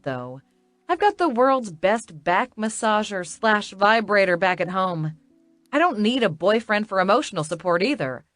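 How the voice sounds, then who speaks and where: A woman's voice: medium pitch, fairly bright tone, dry recording. A woman narrating a romance audiobook in the first person, with a wry, conversational inner-monologue manner.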